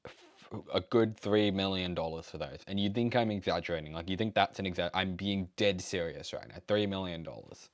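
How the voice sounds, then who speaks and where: A man's voice: low voice, fairly quick, no echo. A man with an Australian accent, casually chatting and laughing as he reacts to a video. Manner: chatty, laughs easily, trails off.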